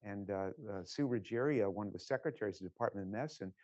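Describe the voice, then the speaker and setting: Older man, low voice, rambling lecture. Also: darkish tone, no room sound, lo-fi sound. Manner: conversational, rambling, many filler pauses. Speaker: physician giving a lecture. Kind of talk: lecture with personal anecdotes.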